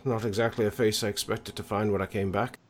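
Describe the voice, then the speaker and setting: Weary middle-aged gang member, gruff and foul-mouthed, low voice , as a man puts him on, tabletop game. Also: little pitch movement, fast, crowd noise, lightly acted. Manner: casual, swears freely.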